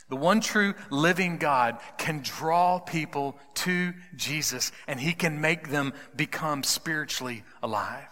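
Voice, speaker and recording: A man preaching a sermon, dramatic, dropping to hushed whispers for emphasis. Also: a little high, a little slow, hardly any pauses, long reverb tail. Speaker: pastor.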